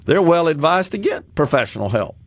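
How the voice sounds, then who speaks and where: Man, radio talk host, casual chat, animated, laughs often, higher voice, dry studio sound. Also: a little fast, no echo.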